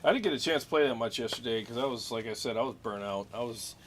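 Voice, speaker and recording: A man's voice: medium pitch, quick pace, fairly bright tone, a little hiss or hum. A man hosting a casual live stream, chatting in a rambling, laid-back way and laughing often. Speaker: host.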